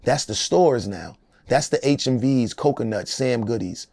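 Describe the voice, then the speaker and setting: A man's voice: medium pitch, animated, a little slow, gravelly, darkish tone, no echo. A man in his forties, a rapper being interviewed, talking in a casual, profane, streetwise way and often adding "you know what I'm saying".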